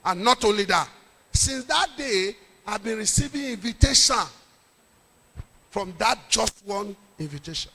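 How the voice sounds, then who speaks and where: A middle-aged Nigerian man, a pastor, telling a lively story in a sermon with jokes and pidgin. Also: high-pitched, a little slow, slightly rough, big-room sound.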